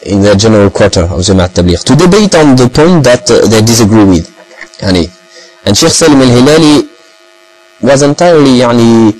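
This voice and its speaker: A man for whom English is a tells a story in a loose, rambling way, full of fillers and phrases. His voice sits in a middle pitch. A steady mains hum runs under the recording. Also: rough recording. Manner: rambling, heavy use of fillers and Arabic phrases. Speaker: speaker recounting experiences. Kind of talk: casual talk in English.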